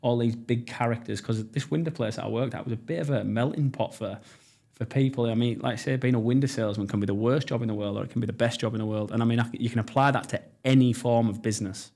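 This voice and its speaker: Fast-talking, brash North East English man. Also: medium pitch, fairly even intonation, gravelly, darkish tone. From North East England. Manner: blunt, brash, swears freely, enthusiastic. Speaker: podcast guest, entrepreneur. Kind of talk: casual storytelling interview.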